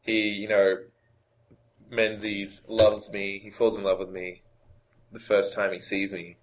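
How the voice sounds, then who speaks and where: A man's voice: fairly low pitch, little pitch movement, unhurried, rough recording. A man co-hosting a podcast in casual, jokey chat. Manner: jokey, slipping into silly impressions. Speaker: podcast co-host.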